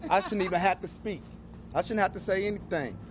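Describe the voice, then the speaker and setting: A man's voice: high voice, brisk, noisy background. A young male student activist speaking emphatically at a press gathering, from Chicago. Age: young adult. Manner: passionate, emphatic public speaking.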